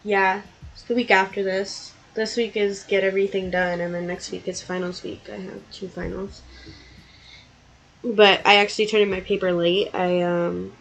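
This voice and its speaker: A woman's voice: mid-range voice, level tone, moderate pace, creaky, poor audio. A young woman streamer chatting casually with her viewers as she draws, laughing often and poking fun at herself. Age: young adult. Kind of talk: casual chat while drawing.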